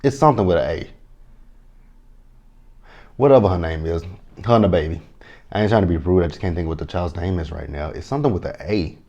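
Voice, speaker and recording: A man's voice: low-pitched, brisk, long pauses, darkish tone, highs cut off. A man reviewing a reality show to camera in a blunt, profane, chatty way. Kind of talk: casual commentary to camera.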